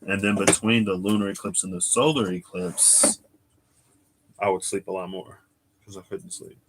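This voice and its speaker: A man's voice: sits low, little pitch movement, moderate pace, creaky, background noise. A man, a tarot reader on a livestream, chatting casually, sleepy and often excusing his yawns as he thinks aloud and reads chat. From United States. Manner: thinks aloud while searching and reading chat. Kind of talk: casual live stream chat.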